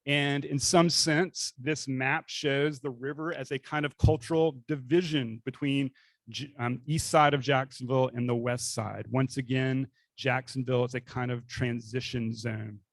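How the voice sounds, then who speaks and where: A man's voice: mid-range voice, steady tone, measured pace, no room sound. Guy w/ faint northeast florida southern accent giving a slide talk to a club, kinda chatty, dry close sound. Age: young adult. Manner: conversational, with fillers, asks for next slides. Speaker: guest speaker.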